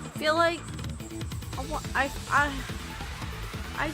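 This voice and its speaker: A woman's voice: high voice, fairly even intonation, slow, sharp tone, soft background music. A woman in a casual chat, hesitant and stumbling as she tries to cut in. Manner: hesitant, trying to cut in, stumbling over her words. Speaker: podcast co-host.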